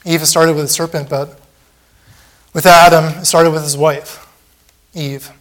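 A man's voice: a little high, little pitch movement, unhurried, a bit bright. A man preaching a sermon in a church, impassioned and repetitive, acting out the mocking voices of a crowd.

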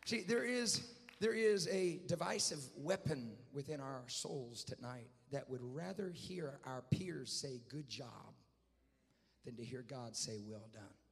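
Man, evangelist preacher, sermon, gravelly voice, quiet storytelling to shouted peaks, long church reverb. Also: mid-range voice, takes it slowly. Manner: swings from quiet storytelling to loud shouted climaxes. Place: church sanctuary.

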